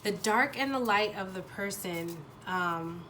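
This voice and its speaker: Halting woman giving a tarot reading. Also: medium pitch, animated, pushed and bright, a little hiss or hum. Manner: halting, restarts often, searching for words; blunt, swears freely. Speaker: tarot reader. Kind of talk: pick-a-card tarot reading, thinking aloud.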